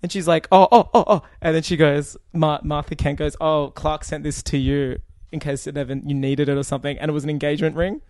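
A man's voice: a little high, level tone, quick pace, few pauses, a little mellow, no room sound, clean studio sound. A man co-hosting a podcast, chatting casually and sarcastically about a film, swearing freely. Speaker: podcast co-host. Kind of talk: casual movie review chat.

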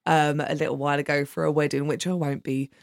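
Gravelly, animated woman. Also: deep voice, quick pace, dry recording, clean studio sound. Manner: animated storyteller, playful and sweary, acts out quotes. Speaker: guest, cabaret singer. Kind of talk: casual chat.

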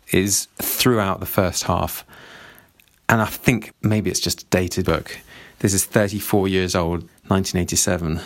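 Low-voiced man chatting about a book. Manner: chatty, shares opinions and asks the audience; reads passages aloud between comments. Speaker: book reviewer. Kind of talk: casual spoken book review.

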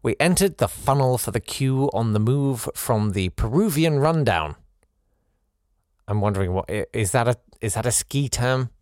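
A man's voice: medium pitch, dry recording, clean studio sound. A man hosting a podcast, reading out a listener's letter with playful asides of his own. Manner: animated, playful asides between read passages.

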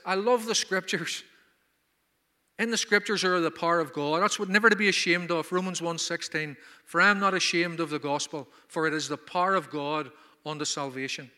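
High bright-voiced preacher in a hall. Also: male voice. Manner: emphatic, rhetorical questions. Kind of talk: sermon. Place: conference hall.

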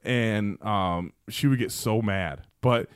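A man's voice: fairly low pitch, slow, clear, resonant tone, no echo, clean studio sound. A man on a podcast telling long, profane workplace stories in a loose, rambling way full of fillers. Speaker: podcast guest. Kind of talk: casual storytelling.

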